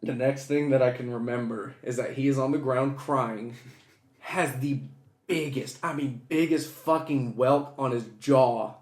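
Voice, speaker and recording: A man's voice: mid-range voice, unhurried. Young guy rambling through a wild story, swearing a lot, bit of room echo. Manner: animated, swearing, acts out voices in anecdotes. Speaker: co-host. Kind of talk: casual storytelling chat. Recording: echoey room.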